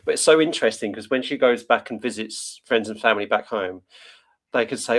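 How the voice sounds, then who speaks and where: A British man hosts a podcast interview, his medium-pitched voice moving a little fast. He's chatty and rambling, laughing often and correcting himself as the conversation goes.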